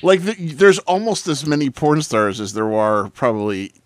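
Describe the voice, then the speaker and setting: A man hosting a casual podcast chat, talking in an animated, profane way and laughing loudly. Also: medium pitch, moderate pace. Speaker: host, paramedic.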